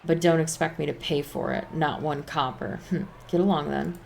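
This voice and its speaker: A woman's voice: low-pitched, steady tone, moderate pace, gravelly, darkish tone, slight background noise. A woman playing a greedy, smarmy male innkeeper. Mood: defensive.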